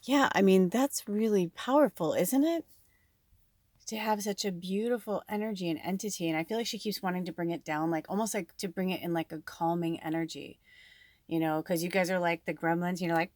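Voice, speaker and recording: A woman's voice: medium pitch, brisk, no echo, clean studio sound. A woman giving a casual spiritual card reading in a rambling, chatty way, full of fillers, recorded at home on a farm. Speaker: tarot and oracle card reader.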